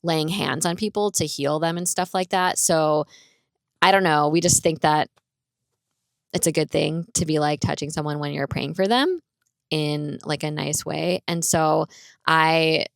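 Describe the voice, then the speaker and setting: A woman with a low, gravelly but clean-toned voice hosts her own podcast, speaking unhurriedly. She tells a personal story in a chatty, rambling way, filling it with lots of "like." The recording is dry with clean studio sound.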